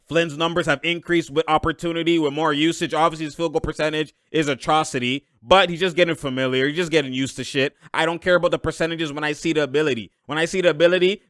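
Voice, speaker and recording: A young man giving loud, slangy live reaction commentary on a basketball game, laughing often and breaking into sudden outbursts. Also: on the high side, clear, resonant tone, dry recording, clean studio sound.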